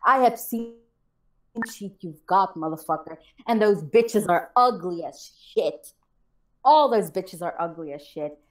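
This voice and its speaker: A woman's voice: on the low side, animated, measured pace. A woman co-hosting a casual chat show, ranting defiantly and swearing heavily as she talks about her critics. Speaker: co-host of a call-in chat show.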